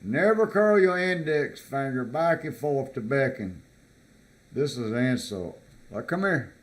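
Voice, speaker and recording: With a mid-range voice and lively intonation, this American guy reads through a list on his vlog, stopping and starting as he remarks on each entry with fillers and repetitions.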